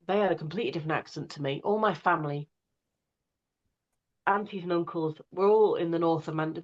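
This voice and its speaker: A low-pitched woman from northwest England, an audiobook narrator appearing as a guest, chats casually and wanders off on tangents, using lots of fillers. The sound is lo-fi.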